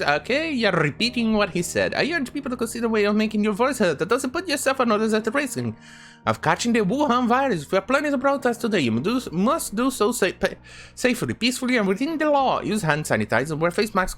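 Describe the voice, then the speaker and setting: A man's voice: high-pitched, sing-song, fast, a bit bright, soft background music. A man hosting a commentary channel, reading news quotes aloud and breaking in with sarcastic asides.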